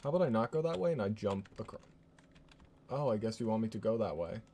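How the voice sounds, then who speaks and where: A man's voice: fairly low pitch, animated, quick pace, mellow, a little hiss or hum. A man playing a horror game live, joking and laughing as he reads notes aloud in a put-on voice. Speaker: streamer.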